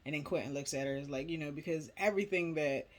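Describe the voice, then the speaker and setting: A woman's voice: sits low, fast. A woman casually retelling a film's plot in a chatty, rambling way, full of filler words. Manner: chatty, rambling, many "you know" fillers. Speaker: movie recap vlogger. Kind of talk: casual movie plot recap.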